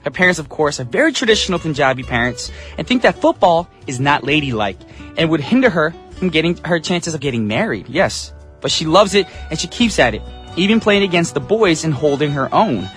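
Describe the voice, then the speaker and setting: A man's voice: a little high, very animated, brisk, a bit bright, faint music behind. A man from the United States hosting a morning radio show in an upbeat, chatty, self-joking way. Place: radio studio.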